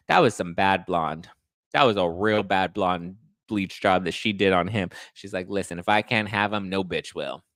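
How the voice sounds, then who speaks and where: Man, lowish voice, sassy gossip recap, dry close sound. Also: a bit bright, no room sound. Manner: chatty, sassy, acts out cast members in quotes. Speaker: podcast host recapping reality TV.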